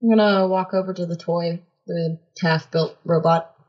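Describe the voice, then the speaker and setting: A woman plays her character in a tabletop game, saying what she does in a quiet, matter-of-fact way. Her voice is on the low side for a woman. Her mic sounds dull and lo-fi. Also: fairly even intonation, normal speed. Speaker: player. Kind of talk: tabletop role-play.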